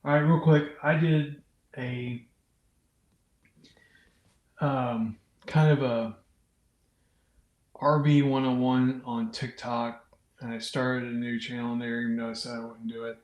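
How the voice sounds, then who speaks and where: A man's voice: mid-range voice, level tone, takes it slowly, long pauses, a little mellow, roomy sound, muffled recording. A man hosting an unscripted livestream, chatting casually and reading out viewers' comments as he rambles. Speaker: livestream host. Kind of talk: unscripted live chat with viewers.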